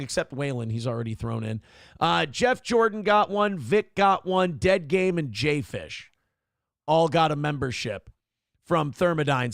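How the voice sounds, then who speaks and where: A man's voice: sits high, gravelly, fairly bright tone, no room sound, studio quality. A man hosting a live-streamed morning talk show, rambling and mocking in casual commentary and reading out donors' messages. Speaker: livestream show host.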